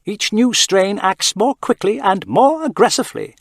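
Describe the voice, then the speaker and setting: A man's voice: sits high, normal speed, creaky, no room sound, clean studio sound, pitched above the performer's own voice, exaggerated voice. A man voicing a cold, self-preserving ship computer in an audio story, speaking tersely and emphatically. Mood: emphatic. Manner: terse, flat insistence.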